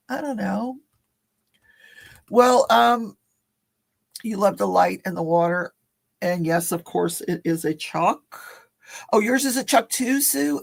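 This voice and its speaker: A woman's voice: medium pitch, lively intonation, takes it slowly, creaky, long pauses. A woman hosting a casual livestream chat, reading viewer comments and telling stories with frequent laughter. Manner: chatty, laughs often, storytelling. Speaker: livestream host.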